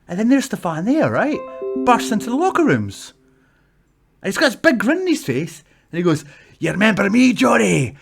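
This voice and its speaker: A man's voice: a little high, a bit bright. A Scottish man, a wrestler, telling stories to camera in a casual vlog, swearing freely and acting out the people in them. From Scotland.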